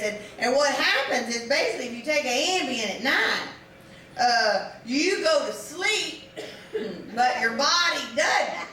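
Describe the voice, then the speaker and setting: A woman's voice: sits high, noisy background. A woman in her fifties doing a live stand-up routine, rambling and self-mocking with lots of fillers and restarts. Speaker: stand-up comedian. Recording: distant echoey live room with audience. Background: audience laughter.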